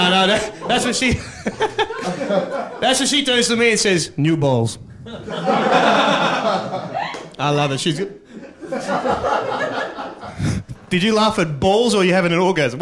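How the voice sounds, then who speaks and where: Aussie stand-up comic, high bright voice, chatty, laughs at his own jokes. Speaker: stand-up comedian. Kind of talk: live stand-up comedy. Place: live comedy stage.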